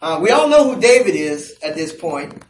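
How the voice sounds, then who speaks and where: A man preaching a sermon, retelling a scripture story with lively, playful asides and acted lines. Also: on the high side, normal speed. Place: church. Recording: echoey room, voice from a distance.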